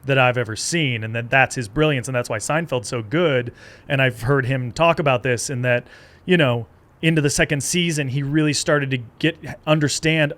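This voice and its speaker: A middle-aged man chatting casually as a guest, telling lively stories and slipping into character voices. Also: moderate pace. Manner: animated storytelling, jumps into high-pitched character voices. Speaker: guest, comedic actor. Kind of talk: casual chat.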